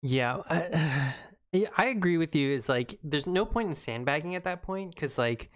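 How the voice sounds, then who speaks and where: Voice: medium pitch, animated, normal speed, dry recording. A podcast co-host with a mid-range voice, recorded dry and close. They ask curious questions in a casual, hesitant way, often laughing along. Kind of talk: casual chat.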